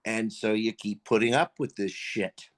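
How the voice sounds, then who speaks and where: A man's voice: on the low side, normal speed. An older man, a voice actor guest, telling casual, profanity-laced stories and animatedly acting out what people said. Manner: profane, animated, acts out quotes. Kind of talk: casual storytelling.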